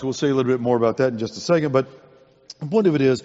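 A man's voice: medium pitch, animated, racing, a little mellow. A man preaching a sermon to a congregation, earnest and conversational, often restarting his words. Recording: dull sound in a long-echo hall.

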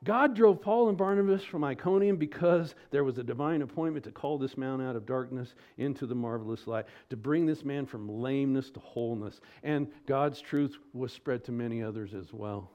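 A man preaching an expository sermon as pastor, asking rhetorical questions, his pitch and loudness rising and falling. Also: normal speed, few pauses, dull audio.

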